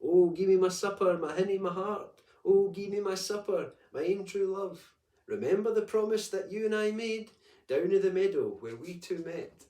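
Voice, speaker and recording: A man voicing a small, bright-eyed male frog who speaks softly and sings high, recorded in an echoey room. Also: huge pitch swings, brisk, hardly any pauses. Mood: singing. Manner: soft, high singing voice. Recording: echoey room, distant mic.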